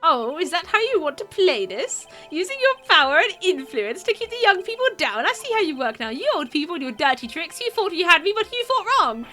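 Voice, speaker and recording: A woman's voice: very high voice, very animated, a little fast, hardly any pauses, sharp tone, soft background music, pitched above the performer's own voice, full character voice. A woman doing a pompous posh young man. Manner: haughty, long-winded, theatrical. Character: pompous posh young male drifter student.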